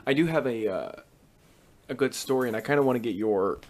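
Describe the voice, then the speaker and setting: A man co-hosting a podcast, telling stories in casual chat with halting restarts. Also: mid-range voice, darkish tone, a little hiss or hum. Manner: halting, repeats words and restarts. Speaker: podcast co-host.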